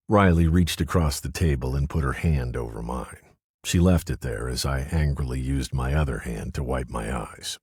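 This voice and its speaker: A man reading a first-person mystery audiobook in a low, subdued way. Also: moderate pace, a little mellow, breathy edge, dry recording, clean studio sound. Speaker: audiobook narrator. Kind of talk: scripted first-person narration.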